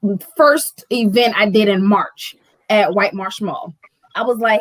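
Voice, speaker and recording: A woman who owns a bookstore, telling a story in casual chat, animated and full of "like" and "right?". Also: medium pitch, unhurried, no echo, poor audio. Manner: animated storyteller, acting out quoted dialogue; fills speech with "like" and "right?". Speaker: bookstore owner.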